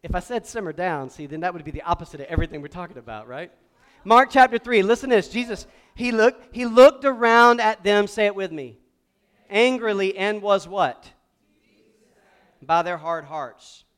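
A pastor preaching a lively sermon to a congregation and calling on them to repeat words back. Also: male voice, high voice, normal speed, smooth. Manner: animated preaching with call-and-response to the congregation. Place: church sanctuary before a congregation.

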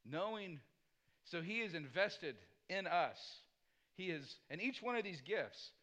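A pastor delivers a sermon in a somewhat high, bright voice. He talks conversationally, weaving in personal stories. He checks in with the congregation with a frequent "Amen?". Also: animated, unhurried. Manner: punctuates points with "Amen?".

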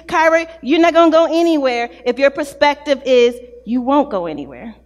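A woman in her thirties, a pastor, preaching an animated sermon full of acted-out stories. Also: sits high, long reverb tail. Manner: animated, storytelling with acted-out quotes.

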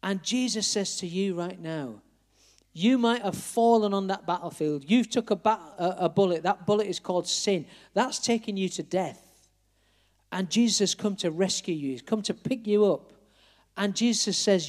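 A man's voice: high-pitched, moderate pace. A man preaching an evangelistic sermon, earnestly appealing straight to his listeners.

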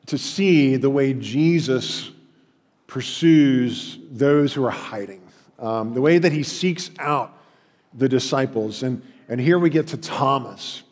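A man preaching a sermon in a church, conversational and halting, with restarts and mock voices. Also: medium pitch, a little mellow. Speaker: pastor. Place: church sanctuary. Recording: long hall reverb.

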